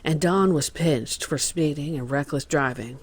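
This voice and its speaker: A man's voice: a little high, a little slow, vocal fry, breathy edge, exaggerated voice. A man voicing a male contractor who testifies as a witness in a dramatized reading of court testimony, telling the story in a plain, worried way.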